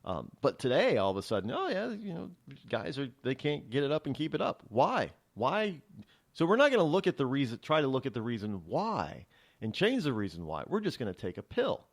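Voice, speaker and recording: A man's voice: medium pitch, very animated, fairly quick. A man hosting a talk show, delivering a rambling, sarcastic opinion monologue with many restarts. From New England.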